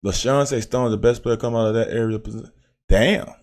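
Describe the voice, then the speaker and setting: A man's voice: mid-range voice, steady tone, normal speed. A middle-aged man with a Southern American accent, a former player who hosts and breaks down game film in a casual, profane chat with his viewers. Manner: blunt, profane, talks straight to chat viewers. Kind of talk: casual live-stream commentary.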